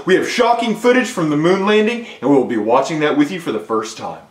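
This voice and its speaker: A man's voice: a little high, lively intonation, brisk, roomy sound, noisy background, lightly acted. A man playing a mock-serious TV news anchor in a newscaster delivery. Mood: breathless.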